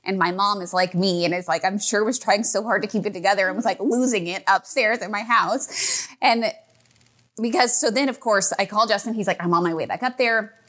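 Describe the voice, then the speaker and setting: A woman's voice: mid-range voice, brisk, fairly bright tone. Chatty young woman retelling a hospital ordeal. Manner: chatty, heavy use of "like", emotional retelling. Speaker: storyteller sharing a personal health story. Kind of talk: casual personal storytelling.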